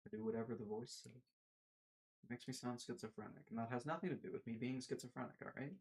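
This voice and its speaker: A man's voice: mid-range voice, fast, creaky, darkish tone, breathy edge. A man giving casual, rambling commentary while playing a building game, talking to himself and slipping into silly put-on voices.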